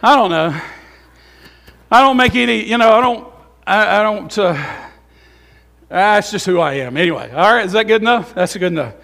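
A middle-aged pastor preaches in a church with a strikingly high, gravelly voice. He is openly emotional and swings from fervent, loud stretches to soft, musing asides. It is a live sermon to his congregation. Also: expressive, moderate pace, pauses often. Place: church sanctuary.

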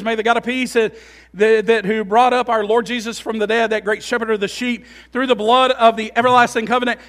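A pastor preaching a sermon, swinging between loud, emphatic passages and quiet, low asides, often repeating and restarting his phrases.

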